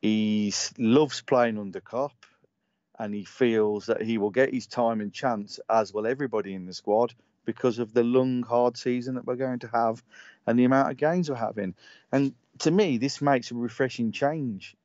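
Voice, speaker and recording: A man gives his opinions as a co-host, stumbling over the first words before pressing his point. He comes through a dull, lo-fi call line with a flat, dry sound and no room at all. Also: mid-range voice, normal speed, dry recording. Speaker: co-host and pundit. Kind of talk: casual opinionated chat.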